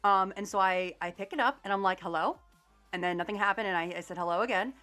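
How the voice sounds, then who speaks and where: A young adult woman talks casually to her stream chat, retelling a story in a lively, sarcastic way and swearing now and then. Her pitch sits in the middle for a woman. Soft music plays faintly behind her. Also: fast. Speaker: livestreamer.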